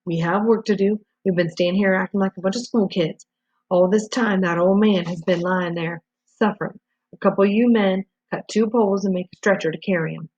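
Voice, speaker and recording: A woman voicing a firm middle-aged man who leads a hunting party, speaking in a steady, commanding way, in a storybook reading. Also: medium pitch, fairly quick, dry recording, close to an everyday voice. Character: firm middle-aged male hunt leader. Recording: dull lo-fi recording.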